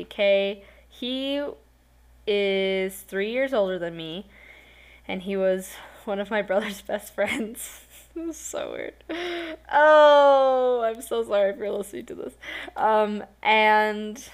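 Young woman, solo podcast host; tired, giggly, rambling delivery full of fillers. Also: mid-range voice. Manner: rambling, giggly, self-conscious, lots of fillers. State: tired, yawning. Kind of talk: casual solo podcast storytelling.

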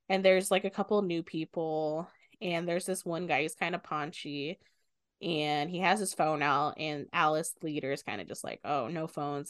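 A woman's voice: low voice, smooth, no echo, clean studio sound. Casual woman retelling a book plot. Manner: animated retelling, quoting characters with bursts of swearing. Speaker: podcast co-host.

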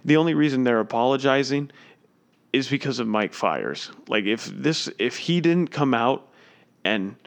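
A man delivering an opinionated sports rant, mid-pitched and emphatic. He sounds indignant and circles back to repeat his points. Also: lively intonation, unhurried, creaky. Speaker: sports commentator.

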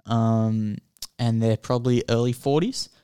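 A man co-hosts a casual podcast, walking through a film's plot in an animated, rambling way. His voice is smooth and clear, recorded close and dry with no room sound. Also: mid-range voice, a little slow, dry recording. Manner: rambling, animated storytelling with filler words. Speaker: podcast co-host. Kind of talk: casual film chat.

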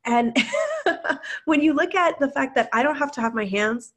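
A woman's voice: high voice, huge pitch swings, measured pace, a bit bright. A woman co-hosting a casual business podcast, chatty and enthusiastic, often laughing. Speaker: podcast co-host.

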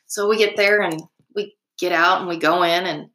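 Sex: woman. Role: guest. Style: chatty, rambling casual storytelling. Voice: lowish and bright. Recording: echoey room. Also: fairly even intonation, moderate pace.

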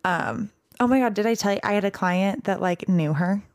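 A woman's voice: medium pitch, normal speed, dry recording, clean studio sound. Giggly young woman telling a story. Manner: giggly, animated storytelling with lots of fillers. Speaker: podcast co-host. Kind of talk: casual chat.

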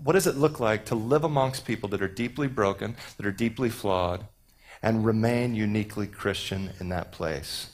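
A man from Houston preaching a casual, joking sermon to a youth group, with many fillers and restarts. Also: medium pitch. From Houston, Texas. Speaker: pastor.

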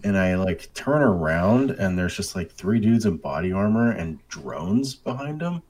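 A man with a very deep, husky voice recounts video game glitches in casual conversation. He gets excited and swears freely, with his voice jumping up in disbelief. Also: unhurried. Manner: excited, profane storyteller. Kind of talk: casual gaming chat.

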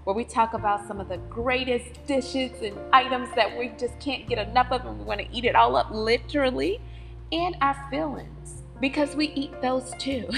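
A woman's voice: on the high side, steady tone, normal speed, gravelly, big-room sound, soft background music. A woman from North Carolina with a Southern accent, chatting emphatically and cheerfully as host of her own podcast. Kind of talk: casual solo podcast monologue.

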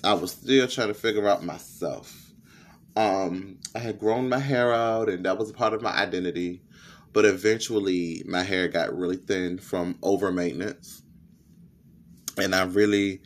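A man's voice: low-pitched, fairly bright tone. A young man with a lisp, hosting a candid, profane personal podcast monologue. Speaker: podcast host.

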